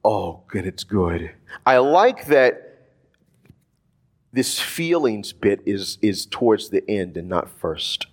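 A man's voice: fairly low pitch, takes it slowly. A man preaching in a casual, conversational way, talking through a Bible passage with lots of asides. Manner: animated, conversational, lots of "like" and "right?". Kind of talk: casual sermon.

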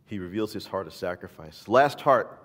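A man's voice: sits low, normal speed. A man preaching a sermon in a church hall, talking in a loose, conversational way and often checking in with the listeners. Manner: conversational, animated, asks the listeners "right?". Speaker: pastor. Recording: long hall reverb.

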